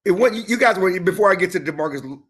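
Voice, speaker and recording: A man co-hosting a sports podcast in casual chat, animated and given to repeating himself. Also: high-pitched, fast. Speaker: podcast co-host.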